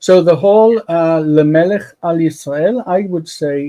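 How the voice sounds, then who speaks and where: A man teaching grammar in a live online lesson. He explains slowly and repeats key phrases to stress them. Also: on the high side, dark tone, low-quality recording.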